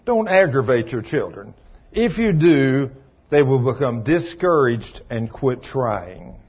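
A man preaching a folksy, storytelling sermon in a colloquial, animated way. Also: mid-range voice, breathy edge, dull audio. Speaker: pastor.

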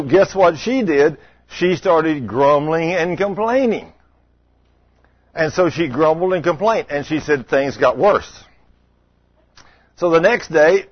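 A man's voice: fairly high pitch, slightly rough, dry recording. Folksy preacher man. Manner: folksy, conversational, questions to the congregation. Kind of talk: sermon with storytelling. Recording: dull lo-fi sound.

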